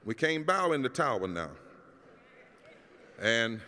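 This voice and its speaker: A middle-aged man, a pastor giving a keynote address, preaching in a rousing cadence that climbs to shouts. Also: medium pitch, sing-song, slow pace. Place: large hall at a public celebration. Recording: long hall reverb.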